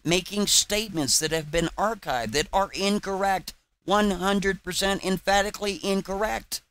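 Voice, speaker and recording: Give me a combative, sarcastic man ranting as a channel host, slightly high voice. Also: a bit bright. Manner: combative, sarcastic, repeats taunts. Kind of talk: ranting livestream commentary.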